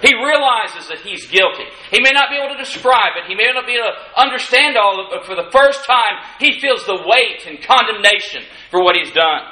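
Pastor, male, high bright voice, folksy sermon style with wry asides, roomy church sound. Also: lively intonation, fairly quick, few pauses. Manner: folksy preaching with dry humorous asides; rises in emphasis on key lines. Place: church sanctuary. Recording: echoey room. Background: congregation calling out amens.

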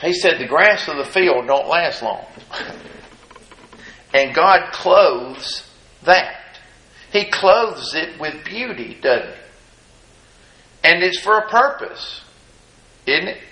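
A man preaching a sermon. He reads scripture in a measured cadence and asks the congregation folksy rhetorical questions. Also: fairly high pitch, big pitch swings, sharp tone. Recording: echoey room.

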